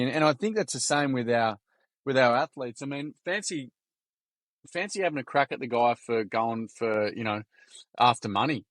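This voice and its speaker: A man's voice: mid-range voice, moderate pace, dry recording. Slangy Australian man telling stories. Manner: animated storyteller, slangy and swearing, frequent restarts. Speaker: podcast guest, youth workshop founder. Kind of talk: casual interview chat.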